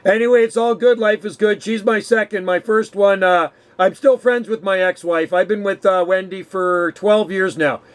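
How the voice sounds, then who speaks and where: A man's voice: high voice, moderate pace, few pauses, clean tone. A man chatting in an easygoing, friendly way as the host of an amateur radio contact. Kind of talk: casual radio chat.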